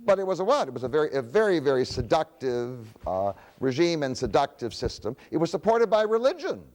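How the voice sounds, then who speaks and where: A man's voice: on the high side, very animated, fairly quick, a little mellow, long reverb tail. A man giving a public lecture, who poses rhetorical questions and answers them himself.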